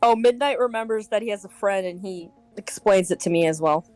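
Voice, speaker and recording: A woman describing her character's actions in a tabletop game, blunt and quick to swear. Her voice is mid-pitched for a woman. Faint music plays underneath. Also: a little mellow, no room sound, rough recording. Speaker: player. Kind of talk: casual role-play chat.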